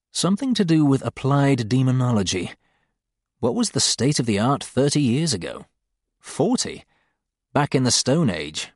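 A man's voice: mid-range voice, no room sound. A man reading a first-person novel aloud in a dry, wry storytelling manner. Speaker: audiobook narrator. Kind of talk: scripted first-person narration.

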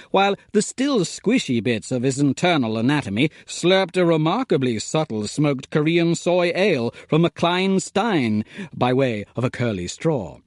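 A man's voice: a little high, dry recording, clean studio sound. A man narrating a comic first-person story in an arch, playfully wordy manner. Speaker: audiobook narrator.

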